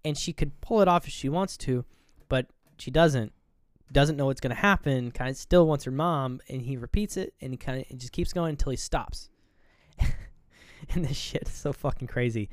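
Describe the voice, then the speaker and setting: Animated man recapping a movie scene. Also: medium pitch, normal speed, no echo, studio quality. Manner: animated retelling of scenes, acting out lines, swearing freely. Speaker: podcast co-host. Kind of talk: casual movie review chat.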